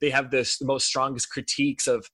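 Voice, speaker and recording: A man's voice: mid-range voice, little pitch movement, brisk, bright, forceful tone, dry recording. A middle-aged man hosting a podcast interview, reflective and affirming as he asks questions. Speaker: podcast host. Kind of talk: casual interview.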